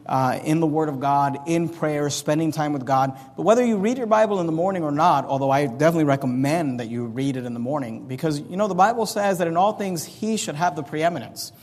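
A man's voice: a little high, fairly quick, hardly any pauses, darkish tone. A man preaching a sermon as pastor, explaining scripture in an earnest, plain-spoken way with frequent restarts. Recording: long reverb of a large hall.

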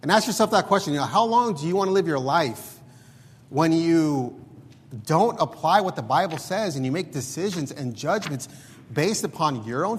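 A man's voice: a little high, breathy edge, in a large hall. A man preaching a sermon, reading scripture aloud in an emphatic, pleading way.

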